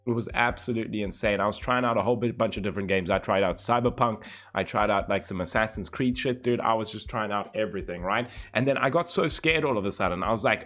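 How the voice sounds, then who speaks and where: A man's voice: lowish voice, fast, fairly bright tone. A young man streaming live, chatting casually and teasingly with his viewers and swearing freely. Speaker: livestreamer.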